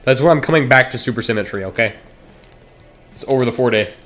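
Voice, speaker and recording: A man's voice: mid-range voice, fast talker, a bit bright. Male streamer, casual rambling chat with viewers, frequent restarts. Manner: rambling, self-interrupting, talks straight to chat.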